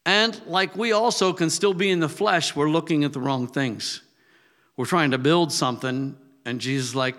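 A man's voice: fairly high pitch, normal speed, a bit bright, in a large hall. An older man giving a casual Bible teaching, chatty, with asides and restarts. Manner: conversational, restarts and asides, acts out quotes.

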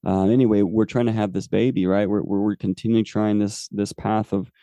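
A man's voice: fairly low pitch, level tone, a little fast, dark tone, no room sound. A man in his forties, a podcast host telling a personal faith testimony in an earnest, rambling way with many fillers. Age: 40s.

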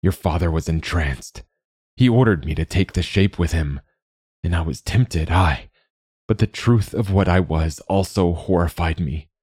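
A man voicing a weary, gruff but kind old male swordsman, speaking in a low murmur in a storybook reading. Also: unhurried, a little mellow, no room sound, studio quality.

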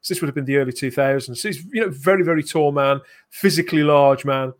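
A man's voice: on the high side, fast talker. A man co-hosting a podcast, chatting casually and keenly. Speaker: podcast co-host. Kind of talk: casual chat.

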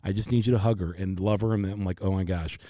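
Low, dark and steady, this man's voice comes quickly and without any room sound. As a podcast co-host, he earnestly tells a frightening family story, animatedly quoting the people involved.

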